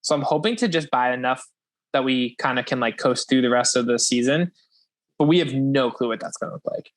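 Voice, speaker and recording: A man's voice: mid-range voice, a little fast. A young man hosting a podcast, chatting casually and rambling with frequent swearing and laughter. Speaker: podcast host. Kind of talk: casual chat.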